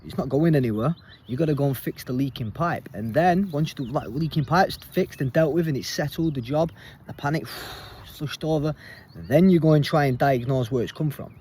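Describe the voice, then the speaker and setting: A man's voice: a little high, normal speed, a little mellow, breathy edge. A man giving a casual, earnest self-help talk as a coach, plain-spoken and repeating his points.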